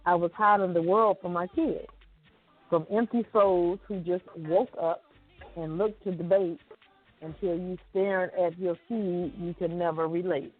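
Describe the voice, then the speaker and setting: A woman's voice: lowish voice, steady tone, a little slow. Woman reading celebrity news over a tinny line. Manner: reads news items, adds wry asides. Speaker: co-host reading entertainment news. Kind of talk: casual news chat. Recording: tinny phone-like sound with faint music.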